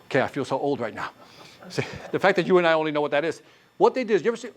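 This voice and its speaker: A man leading a live sales training class, quizzing the room with quick questions and answers. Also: a little high. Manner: animated, quizzing the class with call-and-response questions.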